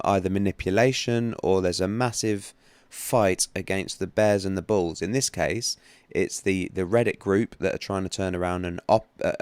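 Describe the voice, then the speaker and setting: Low-voiced man, rambling stream host. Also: clean tone, dry recording. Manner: rambling, chatty, many restarts and fillers. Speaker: livestream host, trading analyst. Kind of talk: casual livestream chat.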